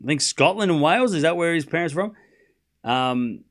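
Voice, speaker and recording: A man's voice: on the high side, brisk. An Australian man hosting a live tennis stream, ranting casually and mockingly to his viewers. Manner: animated, mocking, talks straight to chat. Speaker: livestream tennis host.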